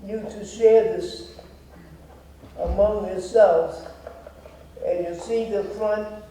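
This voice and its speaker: A man in his nineties speaks earnestly and deliberately to an audience in a theater. His voice sits high but sounds deeply mellow, and he talks at a slow pace. The hall rings with echo, and he is picked up from far off with a faint hiss behind him. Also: steady tone. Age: 90s. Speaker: guest speaker. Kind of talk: formal speech to an audience. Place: theater auditorium. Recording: very echoey hall, voice heard from a distance.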